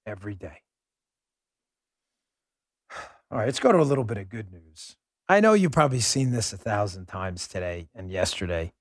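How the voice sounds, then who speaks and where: A man's voice: mid-range voice, dry recording, studio quality. A man hosting a political commentary show, ranting in a heated, sarcastic way. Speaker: podcast host.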